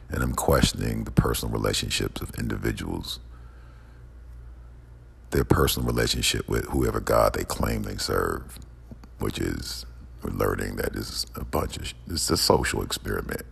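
A man's voice: extremely low pitch, unhurried, creaky, pauses often, fairly bright tone, husky. A man delivering a heated, profane, repetitive rant as a podcast host. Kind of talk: angry ranting monologue. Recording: long echoing reverb.

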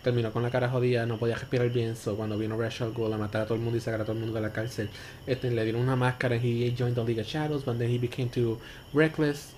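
Male co-host, average pitch, easygoing bilingual talker who rambles through stories; light noise behind. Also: level tone, very fast, few pauses. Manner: code-switches English and Spanish, rambling plot recaps. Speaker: podcast co-host. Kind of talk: casual chat. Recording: faint background noise.

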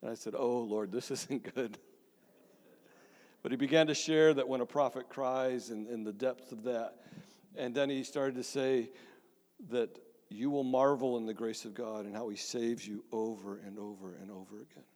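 A man's voice: medium pitch, steady tone, normal speed, darkish tone. A middle-aged man, a pastor, telling his own story in a sermon with a conversational, self-deprecating manner and frequent restarts. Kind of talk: sermon testimony. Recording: long hall reverb.

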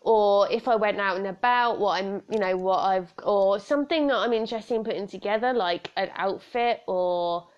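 Her mid-range voice moves at normal speed with hardly any pauses as this British woman, in her 30s, hosts a solo podcast. She chats and rambles, often dissolving into laughter, over slightly dull lo-fi sound.

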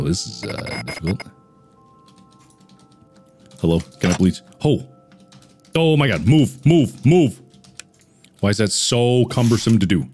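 A man with a lowish voice narrates his own horror game session, swinging widely in pitch as he jumps from mutters to yelps. He talks to himself and swears freely, with faint game music running underneath. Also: gravelly, a little mellow. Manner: jumpy, talks to himself, frequent swearing and frantic repeats. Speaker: gaming channel host. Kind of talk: horror game let's play commentary.

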